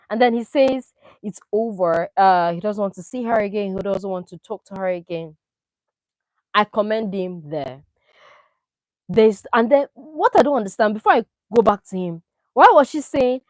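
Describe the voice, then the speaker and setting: A woman talks through a reality dating show in a lively, opinionated way, throwing out rhetorical questions as she reacts. Her voice sits a little high. The recording is dry and close, with no room sound. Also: normal speed, no room sound, rough recording. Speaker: reality TV commentator. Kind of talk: casual chat.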